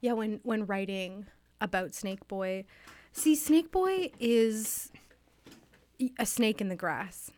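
A woman in an improvised comedy interview, earnest and wistful, halting with many restarts, speaking into a studio microphone. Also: mid-range voice, expressive, a little mellow. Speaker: interviewee playing a fictional author.

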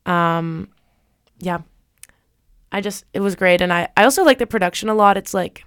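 Smooth-voiced young woman radio host. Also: fairly low pitch, normal speed, dry recording, studio quality. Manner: rambling, many fillers and restarts. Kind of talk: casual music chat.

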